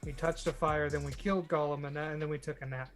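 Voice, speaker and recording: Playful man, tabletop player, somewhat high voice, faint music behind. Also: steady tone, fast. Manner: joking, playful. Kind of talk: casual tabletop chat.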